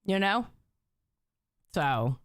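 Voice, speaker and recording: A woman's voice: medium pitch, sing-song, extremely slow, no room sound. A woman in her forties hosting a livestream, talking bluntly and with lots of swearing as she reads the chat. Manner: blunt, profane, emphatic. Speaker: show host reading chat.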